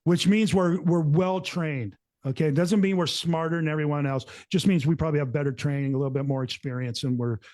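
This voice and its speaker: A middle-aged man hosting a show, telling a story in a rambling, animated way and acting out what people said. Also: fairly high pitch, fairly quick, hardly any pauses. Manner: rambling, animated, acts out quotes. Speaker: show host. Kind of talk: casual storytelling to co-hosts.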